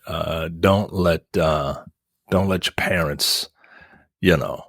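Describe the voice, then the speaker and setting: A man's voice: low-pitched, slow, vocal fry, fairly bright tone, no room sound, studio quality. A man co-hosting a podcast, chatting casually in laid-back slang and stammering as he gives advice. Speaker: podcast co-host. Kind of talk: casual chat.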